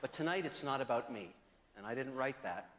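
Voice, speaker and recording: Animated male comedy host. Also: medium pitch, brisk, noisy background. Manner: animated storytelling. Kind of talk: stand-up hosting. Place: live comedy festival stage. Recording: echoey hall with reverb.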